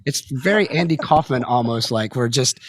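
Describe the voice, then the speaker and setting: A man's voice: medium pitch, animated, moderate pace, dry recording. A man hosting a podcast, chatting in a laid-back way and chiming in with comments. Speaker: podcast host. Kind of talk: casual podcast chat.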